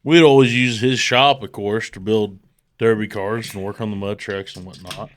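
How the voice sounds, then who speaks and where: A man's voice: on the low side, steady tone, normal speed, slight background noise. A man telling a casual story on a podcast, rambling, swearing freely and mimicking the people he quotes. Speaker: podcast guest.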